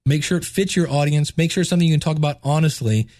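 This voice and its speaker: Enthusiastic male podcast host and teacher, congested, higher register, dry sound. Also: rapid-fire, dry recording. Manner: enthusiastic, repeats words when excited. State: stuffed up, congested. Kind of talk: casual solo podcast talk.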